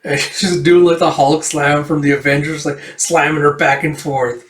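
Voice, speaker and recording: A man's voice: a little high, flat delivery, normal speed, fairly bright tone. Guy rambling thru a comic, lots of likes and uhs, roomy echo, mic kinda far. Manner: rambling, filler-heavy retelling. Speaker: comic reviewer. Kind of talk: casual comic read-through.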